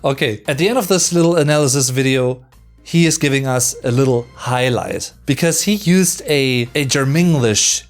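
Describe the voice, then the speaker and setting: A man's voice: mid-range voice, faint music behind. German-accented man explaining language. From Sauerland, Germany. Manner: explanatory, enunciates German words slowly. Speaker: host. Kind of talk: language analysis commentary.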